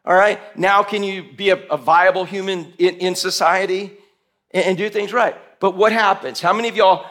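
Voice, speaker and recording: High bright-voiced preacher. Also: male voice, fairly quick. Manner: animated, coaxing volunteers, calling out questions to the room. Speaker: pastor. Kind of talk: sermon with a live demonstration.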